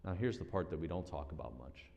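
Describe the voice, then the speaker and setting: A man preaching a sermon as pastor, animated, acting out quoted voices with big swings in pitch and loudness. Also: quick pace, creaky. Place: church sanctuary. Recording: long church-hall reverb.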